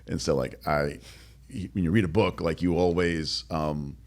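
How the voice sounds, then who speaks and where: A man's voice: low-pitched, moderate pace. A middle-aged man chatting casually as a podcast host, rambling, restarting his sentences and laughing often. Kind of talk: casual chat.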